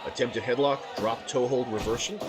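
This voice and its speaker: A man calling wrestling matches play-by-play, breathless and scratchy-throated, with excited shouts and frequent restarts. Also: medium pitch, moderate pace, loud music behind the voice, over a noisy crowd. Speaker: wrestling commentator. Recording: loud background noise.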